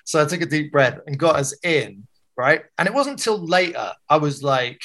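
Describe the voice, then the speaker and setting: A man, a comedian telling a long, animated anecdote in casual chat and swearing freely. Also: a little high, normal speed. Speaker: comedian guest.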